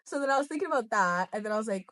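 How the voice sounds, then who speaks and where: A woman's voice: a little high, racing, no room sound. A young woman co-hosting a podcast, telling stories in casual chat with lots of giggles and mild swearing. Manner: animated storyteller, giggly, swears lightly. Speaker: podcast co-host.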